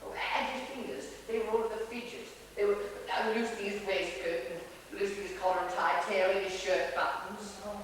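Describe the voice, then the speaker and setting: A man's voice: sits high, steady tone, moderate pace, few pauses, fairly bright tone, slight background noise. A man playing a fussy, devoted male dresser in an amateur stage play, telling a story in a breathless, fussy way full of restarts. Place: theatre stage, heard from far off. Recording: distant echoey theatre recording.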